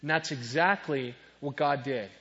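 A man preaching a lively sermon, joking and firing questions at his audience. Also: mid-range voice, a little slow. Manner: playful, jokey, asks the audience questions. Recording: dull sound in a reverberant hall.

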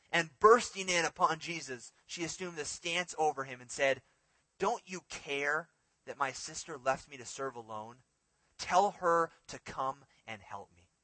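A male preacher delivering a sermon with a bright, forward voice pitched a little high. He swings from emphatic, raised phrases down to hushed, near-whispered lines. The recording is dry and close. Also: dry recording, poor audio. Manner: expressive, rising to emphatic peaks and dropping to hushed lines.

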